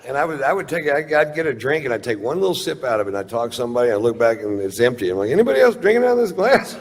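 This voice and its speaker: Male comic, low voice, profane storyteller, live hall reverb with faint background hum. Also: very fast. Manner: profane, rambling, self-mocking. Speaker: stand-up comedian. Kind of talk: stand-up storytelling. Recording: live stage with long reverb.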